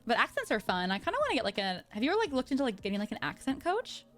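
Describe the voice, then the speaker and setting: American woman host, somewhat high pitch, bubbly, encouraging, giggly, casual interview vibe. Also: big pitch swings, racing, a bit bright. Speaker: host, voice actor.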